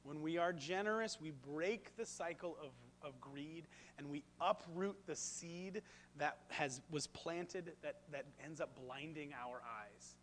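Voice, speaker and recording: A man's voice: on the high side, measured pace, a bit bright, a little hiss or hum. A man preaching a sermon, speaking animatedly and putting questions to the congregation. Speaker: pastor.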